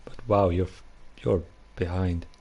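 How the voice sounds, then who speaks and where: A man's voice: low-pitched, fairly even intonation, a little slow, a little mellow, breathy edge. A young man chatting casually on a live stream, rambling and apologizing for himself. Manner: rambling, self-conscious, apologetic.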